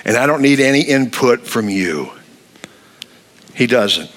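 A man preaching a sermon, animated, acting out the people he quotes. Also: mid-range voice, a little slow. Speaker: pastor.

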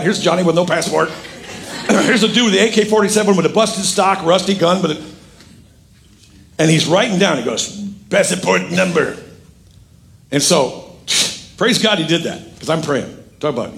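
Animated, gravelly-voiced male pastor preaching. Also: high-pitched, slight background noise. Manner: animated, jokey storytelling with quoted voices. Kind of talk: sermon with storytelling.

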